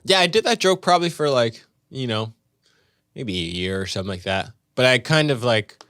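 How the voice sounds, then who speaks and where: A man's voice: mid-range voice, lively intonation, fairly quick, fairly bright tone, no echo. A male stand-up comedian from Canada in his thirties, telling loose, swearing stories in casual podcast talk in a studio. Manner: laid-back, loose, swears freely.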